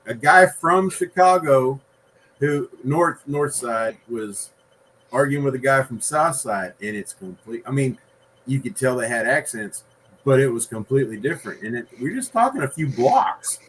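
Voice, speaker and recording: A man's voice: mid-range voice, lively intonation, moderate pace, fairly bright tone, a little hiss or hum, rough recording. A man hosting a casual podcast chat, joking and teasing his guests.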